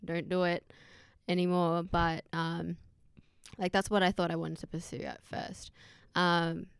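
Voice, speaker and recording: A woman co-hosting a podcast with a low-ish, very flat delivery that stays low-key and dry. The recording is close and dry. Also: unhurried, vocal fry, clear, resonant tone, no room sound. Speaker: podcast co-host. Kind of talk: casual chat.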